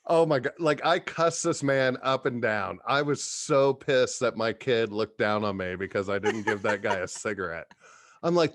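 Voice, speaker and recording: Profane, animated man in a dry booth. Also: medium pitch, normal speed, few pauses, no echo. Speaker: podcast guest. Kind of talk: casual storytelling chat.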